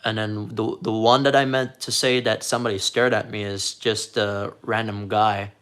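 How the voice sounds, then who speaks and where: Rambling, halting streamer man. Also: lowish voice, flat delivery, a bit bright, clear, resonant tone. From Puerto Rico. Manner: rambling, halting, repeats words; defensive, earnest. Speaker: live streamer. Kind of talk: casual live-stream chat.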